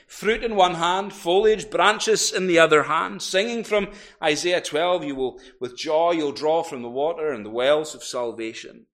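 A man delivers a sermon from the pulpit. His voice sits a little on the high side. He tells the story vividly and swells into loud, emphatic peaks. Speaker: preacher.

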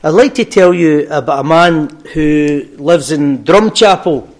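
A man's voice: fairly high pitch, measured pace. An older man with a Glaswegian Scottish accent, praying and then telling a story in an earnest, folksy sermon. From Scotland. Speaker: pastor.

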